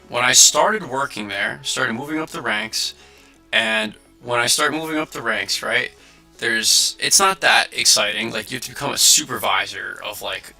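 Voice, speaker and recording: Bright-voiced young man, animated livestream chat. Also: mid-range voice. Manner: animated storytelling, acting out quotes with many filler likes. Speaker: livestream host.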